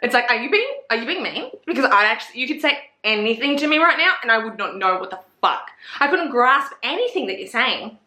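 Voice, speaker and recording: A young woman with a bright Australian accent chats about books in a loose, profane, gossipy way. Her voice sits a little high and rings in a roomy space. She throws herself into acting out her own reactions. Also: animated, brisk, hardly any pauses. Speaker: book reviewer. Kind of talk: casual book chat to camera.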